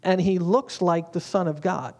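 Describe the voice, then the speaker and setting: A man's voice: high voice, steady tone, normal speed, darkish tone. A man preaching a sermon as a pastor, in a humorous, conversational way.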